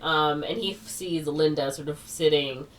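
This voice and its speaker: A woman's voice: low voice, moderate pace, fairly bright tone. A woman co-hosting a podcast, casually retelling a plot in a rambling way, full of "like" and "or whatever". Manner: rambling, heavy on fillers like "like" and "or whatever". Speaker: podcast co-host. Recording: distant mic with faint background noise.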